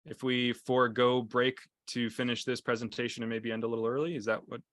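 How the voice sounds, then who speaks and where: A man's voice: medium pitch, little pitch movement, fairly quick, fairly bright tone, no room sound. A man teaching an EMT class over a video call, talking casually with many fillers and restarts as he mixes lecture and stories. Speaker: EMT instructor. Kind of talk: lecture with anecdotes.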